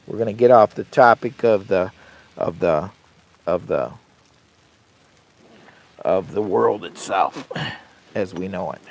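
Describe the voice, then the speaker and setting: A low, gravelly-voiced older man hosts a casual camping livestream from inside a heated tent. He rambles in a folksy, easygoing way, chatting with viewers between sips of coffee. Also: slow, long pauses. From Michigan. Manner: rambling, folksy, talks to chat and his dog. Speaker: camping channel host.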